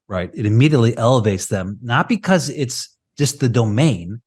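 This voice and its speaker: A podcast co-host with a lowish voice joins over a video call for a loose, animated casual chat. He rolls from one idea to the next, tagging his points with a quick "right?"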